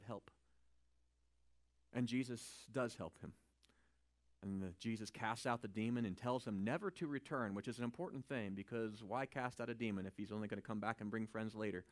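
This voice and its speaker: Animated man teaching the Bible. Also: on the low side. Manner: animated, swinging from quiet asides to loud emphasis; informal, checks in with "right?".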